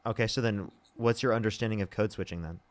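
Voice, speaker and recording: A man's voice: fairly low pitch, fast talker. A young man hosting a live debate stream, arguing and pressing his guest with repeated questions. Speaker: debate show host.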